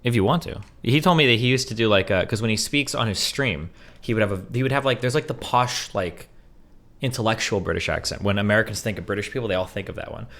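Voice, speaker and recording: Fast-talking gravelly-voiced male streamer. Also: fairly low pitch, fairly bright tone. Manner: sarcastic, provocative banter. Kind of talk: casual stream debate.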